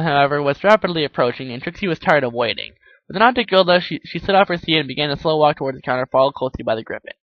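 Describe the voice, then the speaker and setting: Man, amateur story reader, self-correcting, higher voice, dry, muffled. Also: no room sound. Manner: stumbles, self-corrects, laughs at the text. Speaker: narrator. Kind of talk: casual fan-fiction reading.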